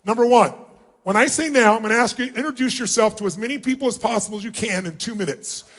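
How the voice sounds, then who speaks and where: A middle-aged man giving a motivational seminar to a large crowd in a hall, commanding and often yelling instructions. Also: extremely high pitch, fast talker. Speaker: motivational speaker. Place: large hall with thousands of people.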